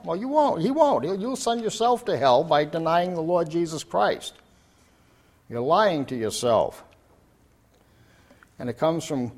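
An older man preaching an earnest sermon. His voice is fairly high for a man, and he repeats phrases, then climbs to loud, emphatic declarations.

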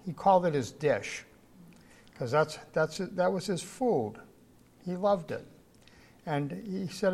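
At an in-person church gathering, a man leads a Bible study as an informal sermon, his voice a little high. His storytelling rambles with many restarts, while he reads scripture slowly and with emphasis.

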